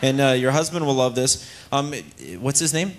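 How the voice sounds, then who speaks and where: A man's voice: mid-range voice, steady tone, normal speed. A man hosting a talent show on a ship's stage with a handheld mic, teasing and joking with contestants. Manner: teasing, playful banter with contestants. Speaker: cruise ship talent show host. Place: ship theater stage.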